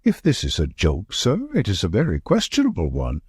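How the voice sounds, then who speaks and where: A man's voice: low voice, huge pitch swings, normal speed, breathy edge, no room sound, clean studio sound, exaggerated voice. A man voicing a big, pompous male clergyman who speaks with indignation. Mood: indignant.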